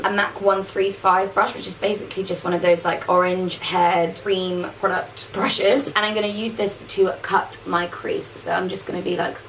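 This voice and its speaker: A woman's voice: mid-range voice, a bit bright, recorded from a distance, slight background noise, rough recording. A woman casually talking through a makeup tutorial, chatty and saying "like" a lot. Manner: chatty, says "like" often. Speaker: makeup vlogger.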